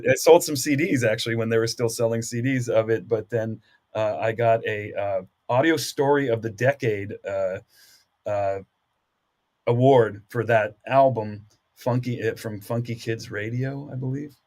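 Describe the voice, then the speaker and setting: A man, a guest musician, chatting casually in a halting way full of small restarts. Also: mid-range voice, darkish tone. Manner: chatty, halting, with fillers and laughs. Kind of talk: casual chat.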